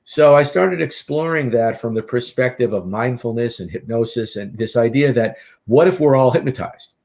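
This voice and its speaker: Middle-aged guy on an interview, mid pitch, chatty storyteller vibe. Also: normal speed. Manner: animated anecdotal storyteller. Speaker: guest, author and speaker.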